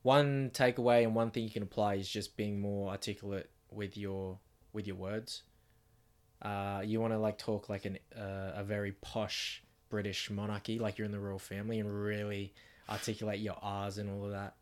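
A man with an Australian accent co-hosting a casual podcast from a home bedroom, laying out his ideas step by step in a loose, relaxed way. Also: fairly low pitch, moderate pace. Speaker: podcast co-host.

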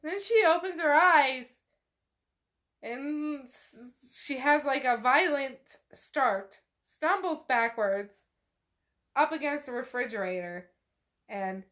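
Slow-talking woman recapping a novel. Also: sits high, a bit bright. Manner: chatty, swears freely, retells scenes with "she's all". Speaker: podcast host. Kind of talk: casual book recap.

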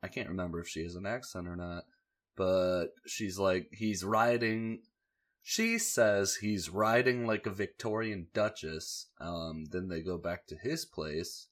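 Deep-voiced sarcastic man recapping a show. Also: animated, measured pace, a bit bright. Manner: sarcastic, profane, offhand asides. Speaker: video host recapping a show. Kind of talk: casual joking recap.

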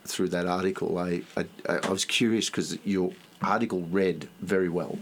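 A man's voice: deep voice, steady tone, normal speed, a little hiss or hum. A man hosting a casual interview, asking curious, prompting questions. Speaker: host interviewer.

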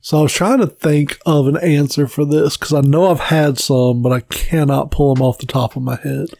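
A man co-hosting a podcast, telling stories in casual chat, animated and swearing freely. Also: fairly high pitch, moderate pace, creaky, no echo. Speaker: podcast co-host.

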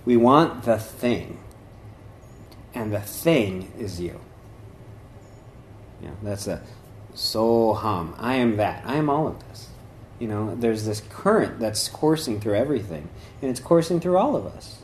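A man's voice: lowish voice, animated, measured pace, pauses often, slight background noise. A man giving an informal talk on meditation and yoga traditions, rambling conversationally with many fillers and restarts. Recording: echoey room.

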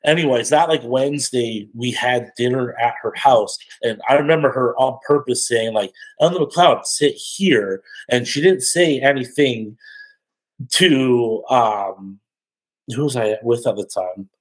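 A podcast guest telling stories in a casual, animated, slangy way, often laughing. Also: male voice, medium pitch, measured pace, low-quality recording. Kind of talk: casual storytelling.

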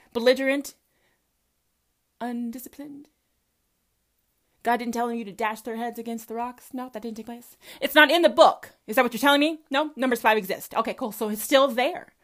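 A woman's voice: a little high, fairly bright tone. A woman with a Southern American accent delivering a combative, profanity-laced rant full of rhetorical questions. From Southern United States. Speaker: commentator. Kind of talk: profane religious rant to camera.

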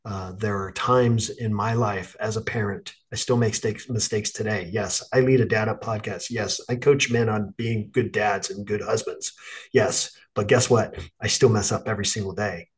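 A man's voice: on the low side, steady tone, moderate pace, slightly rough. A man hosting a podcast and coaching dads, speaking earnestly and encouragingly in casual chat. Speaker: podcast host and dads' coach.

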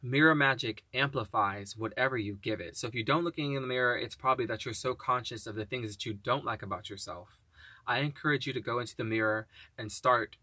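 A man hosting a solo podcast, chatting casually and reading slow, deliberate affirmations in an encouraging, upbeat way. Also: medium pitch, sharp tone, no room sound. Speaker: podcast host.

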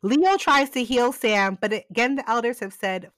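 High-voiced woman animatedly recapping a show. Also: moderate pace, dry recording. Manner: animated retelling, acting out characters' lines, frequent laughs. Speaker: podcast co-host recapping a TV episode. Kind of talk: casual recap chat.

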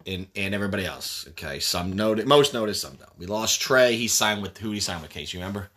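A man's voice: on the low side, expressive, quick pace, a bit bright. A man in a casual chat who talks bluntly in short fragments, swears freely, and runs through basketball news. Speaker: basketball fan breaking down team news.

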